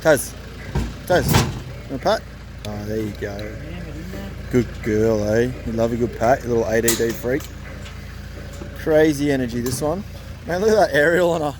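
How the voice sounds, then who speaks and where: A man's voice: mid-range voice, normal speed, long pauses. A man telling a rambling hunting story in casual slang and chatting to his dogs outdoors. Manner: loose, rambling yarn with laid-back slang. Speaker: pig hunter and channel host. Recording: distant mic outdoors with faint background noise.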